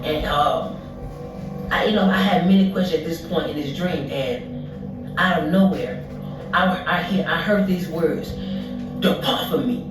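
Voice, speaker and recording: A speaker recounting a vivid dream in a halting way, with many restarts and fillers, heard as a played recording. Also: mid-range voice. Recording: echoey, distant, with music behind.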